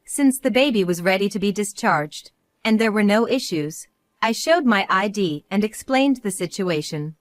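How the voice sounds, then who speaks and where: Middle-aged woman reading a story, calm and steady, medium voice, dry close sound. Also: mid-range voice, no room sound. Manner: calm, measured, resolute. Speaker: narrator. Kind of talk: scripted first-person story narration.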